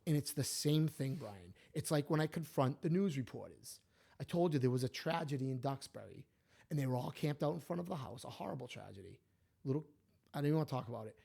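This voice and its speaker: A man, co-hosting a podcast, telling stories and opinions in an animated, emphatic way. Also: medium pitch, fast talker, gravelly, slightly rough. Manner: animated, emphatic, repeats himself. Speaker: podcast co-host. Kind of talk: casual opinionated storytelling.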